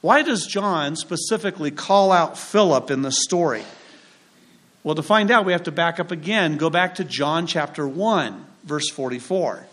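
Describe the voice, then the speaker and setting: A man with a fairly high voice preaches to his congregation in a church. He talks through the scripture like a conversation and drops joking asides along the way. The delivery is relaxed but keeps a preacher's pulse. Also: moderate pace. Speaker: pastor. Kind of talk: sermon.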